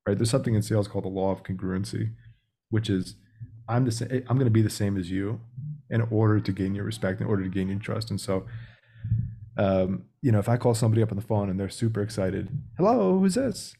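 Gravelly low-voiced man, mellow and husky. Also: steady tone, quick pace. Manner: direct, acts out phone calls in quotes. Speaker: podcast guest, sales trainer. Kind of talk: casual interview talk.

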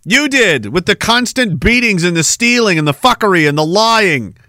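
A man's voice: sits high, animated, normal speed, bright, forceful tone, dry recording. Young guy running a livestream, blunt and combative, swears a lot, dry close mic. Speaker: podcast host reading chat. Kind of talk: casual livestream chat.

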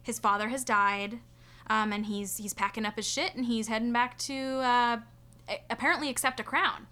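A woman's voice: fairly high pitch, fairly even intonation, normal speed, bright, forceful tone. A young woman co-hosting a podcast, telling a story in casual chat and rambling with fillers and asides. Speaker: podcast co-host.

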